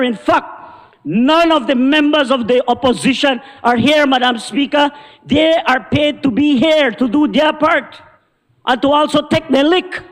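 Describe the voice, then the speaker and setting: With a very high, fairly bright voice, a man with a Belizean accent speaks indignantly and combatively as a member of parliament in debate. The parliament chamber gives the recording a long, large-room reverb.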